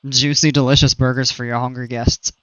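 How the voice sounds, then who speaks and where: A man's voice: mid-range voice, little pitch movement, brisk, a bit bright, clean tone, no room sound, dull audio. A man chatting casually on a live game stream through a headset, chuckling a lot and trailing off mid-sentence.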